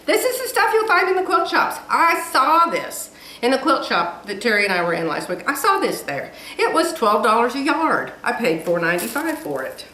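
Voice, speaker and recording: A chatty woman with a higher, very lively voice gushes to her viewers, laughing often. She sounds a little off the mic in an echoey room. Faint noise hangs behind her. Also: normal speed, distant mic. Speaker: quilting vlogger. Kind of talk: casual chat to camera. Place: home room.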